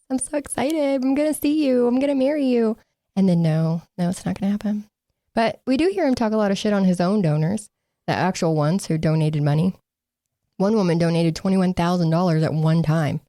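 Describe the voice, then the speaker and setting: A woman with a lowish, mellow voice recaps a case in casual podcast chat. She is sarcastic and often laughs, with mocking asides. The sound is dry and close. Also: no room sound. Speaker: podcast co-host.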